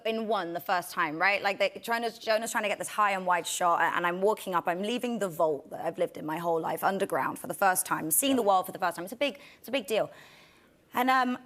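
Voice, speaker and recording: A young woman with an English accent, a guest on a talk show, telling animated stories and laughing often. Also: mid-range voice. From England. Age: young adult. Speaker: actress guest. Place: TV studio.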